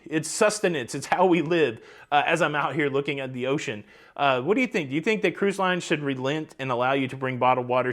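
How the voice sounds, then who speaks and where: A man's voice: medium pitch, fairly bright tone. A man hosting a cruise news vlog, chatty and upbeat, talking straight to his viewers from outdoors by the ocean. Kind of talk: casual vlog commentary.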